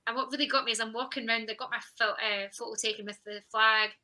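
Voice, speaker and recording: A woman's voice: a little high, fairly even intonation, fast talker, bright, forceful tone, poor audio. A woman, a sprinter guest on a podcast, emphatically retelling her own races in a casual chat.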